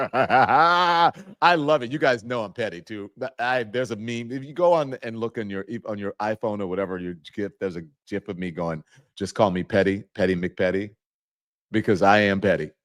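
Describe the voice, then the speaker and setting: A man hosting a political commentary show, mocking the clips he plays and breaking into high, exclaiming bursts. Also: moderate pace, fairly bright tone. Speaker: show host.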